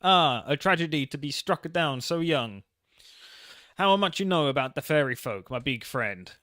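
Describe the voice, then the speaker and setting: A man voicing a theatrical fairy godfather who is also a mafia boss, with a put-on Italian accent and a drawn-out drawl. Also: on the high side, expressive, sharp tone, no room sound, clean studio sound.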